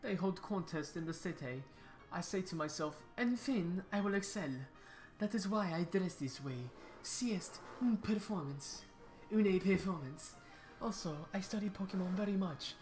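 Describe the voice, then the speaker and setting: A flamboyant, pompous gym leader with an exaggerated mock French accent, put on by a man reading a game's lines. He speaks a little higher than usual, halting and grand. Faint music plays underneath. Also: animated, a little mellow. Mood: grandiose.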